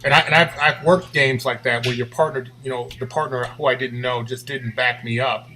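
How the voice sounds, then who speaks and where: A man, a basketball official, giving a comment in a meeting on a video call, speaking haltingly with restarts. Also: mid-range voice, steady tone, pushed and bright, poor audio.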